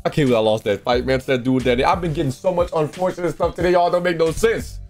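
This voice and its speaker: A man's voice: fairly high pitch, fast, a little mellow, faint music behind. A man streaming a shooter game, chatting casually with friends and stammering over his words when he hesitates. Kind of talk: casual gaming voice chat.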